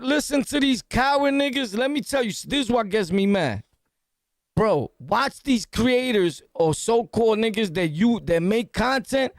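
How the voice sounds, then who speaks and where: Man, New York City accent, podcast host, loud profane street talk, high gravelly voice, dry close sound. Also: no echo. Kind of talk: casual commentary reacting to news clips.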